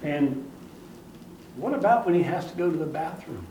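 Dramatic preacher, high and swooping. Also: male voice, expressive, normal speed, roomy sound, far from the mic, a little hiss or hum, low-quality recording. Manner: dramatic storytelling with sudden swings from hushed to loud. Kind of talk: sermon.

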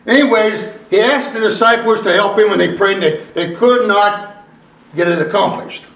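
A high-pitched male preacher delivers a sermon in a relaxed, conversational manner. He slows and climbs in pitch to hammer a point. The sound carries a roomy echo, picked up from some distance away. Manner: conversational preaching, slowing and rising for emphasis. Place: church sanctuary. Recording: echoey room, voice from a distance.

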